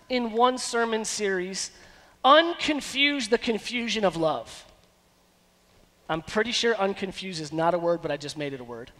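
A man in his thirties preaching a sermon as pastor, animated and given to breaking into snatches of song. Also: high-pitched. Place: church sanctuary. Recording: long church hall reverb.

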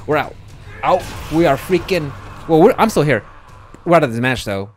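A man streaming a live game, commenting excitedly, cursing and bursting into shouts. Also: fairly high pitch, normal speed, faint music behind.

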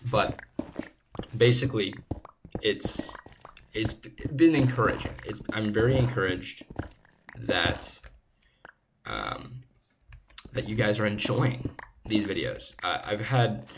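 A young man hosting a gaming channel, chatting casually and rambling playfully while he plays, recorded on a low-quality home microphone. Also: expressive, slow, pauses often, noisy background. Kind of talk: casual chat while playing. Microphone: low-quality desk microphone.

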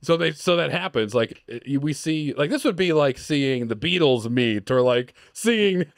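A man's voice: fairly high pitch, animated, unhurried, no room sound, studio quality. A man co-hosting a podcast, casually improvising a story and acting out its characters' lines, laughing often. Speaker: podcast co-host.

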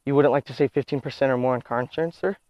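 A young man pulling pranks in public, rambling in a halting, confused way with lots of fillers. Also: mid-range voice, highs cut off. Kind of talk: prank video, acting confused.

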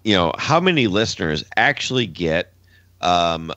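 A man's voice: deep voice, sing-song, unhurried, a bit bright, dry recording, muffled recording. A man co-hosting a casual podcast, asking listeners meandering questions padded with fillers.

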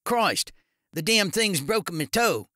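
A man's voice: fairly high pitch, animated, normal speed, pushed and bright, dry recording, studio quality, pitched above the performer's own voice. A male narrator voicing a scrawny, panicky crook with a whiny, shrieking delivery.

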